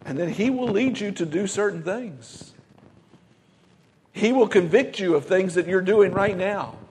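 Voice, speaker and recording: A man preaching a Pentecostal sermon, emphatic, swinging from loud exclamations to quiet asides. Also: high-pitched, a little slow, in a large hall, slight background noise. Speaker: pastor.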